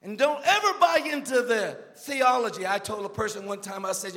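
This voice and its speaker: A man's voice: sits high, animated, normal speed, hardly any pauses, a bit bright, long reverb tail. A man preaching a sermon as a guest speaker, emphatic and calling out to the congregation.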